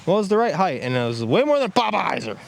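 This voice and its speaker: A man's voice: high voice, sing-song, fast talker, gravelly. A man giving casual commentary while throwing discs on an outdoor course, exclaiming at each shot. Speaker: disc golf reviewer. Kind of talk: casual play-along commentary. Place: outdoor disc golf course. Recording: outdoor field recording with faint noise.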